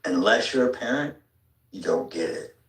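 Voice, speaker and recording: A man's voice: expressive, moderate pace. A father speaking angrily to school officials, bitter and accusing, heard from a distance in a large meeting hall. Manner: bitter, accusing, low and heavy delivery. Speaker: father addressing a school board. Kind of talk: angry public speech. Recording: echoey room picked up from a distance.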